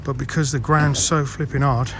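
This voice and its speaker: Man, builder-vlogger, talks to camera outdoors, mid pitch, music bed behind. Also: level tone, normal speed. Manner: chatty, mild swearing, calls viewers guys. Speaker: pond builder vlogging his project. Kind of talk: casual on-site vlog. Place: outdoor building site in a garden. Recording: music playing underneath.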